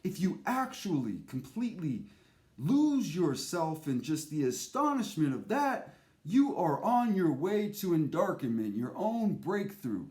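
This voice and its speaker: A man delivers an intense spiritual monologue and hammers his points home with repetition. He talks slowly, with a slightly raised pitch that swoops up and down. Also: very animated, mellow. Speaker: speaker.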